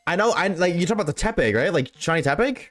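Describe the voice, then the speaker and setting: A young man streaming live, reading chat and reacting in a casual, slangy, excitable way, swearing freely. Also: sits high, fast, soft background music.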